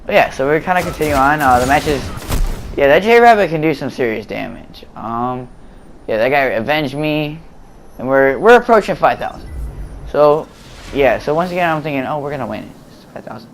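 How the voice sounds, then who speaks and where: A man's voice: fairly high pitch, expressive, normal speed, a little hiss or hum. A man giving casual, rambling voice-over commentary on gameplay footage, full of fillers and restarts, recorded at home.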